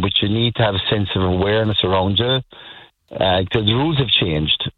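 A man's voice: lowish voice, brisk, dry recording. Middle-aged Irish man on a phone line. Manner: rambling, earnest, repeats himself. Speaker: caller. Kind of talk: radio phone-in chat. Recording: tinny phone line on radio.

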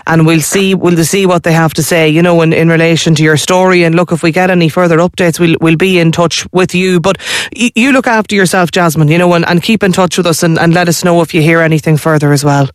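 An Irish man hosting a radio phone-in, talking quickly in a somewhat high voice. He sounds reassuring and sympathetic, stumbling and repeating himself, and his voice comes across dry and close. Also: fairly even intonation, dry recording. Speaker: radio show host.

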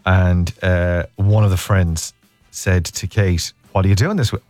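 Irish male radio host, 30s, lower register, animated storyteller, light music bed. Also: measured pace, no echo. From Ireland. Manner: animated storyteller, laughs often. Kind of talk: casual radio chat.

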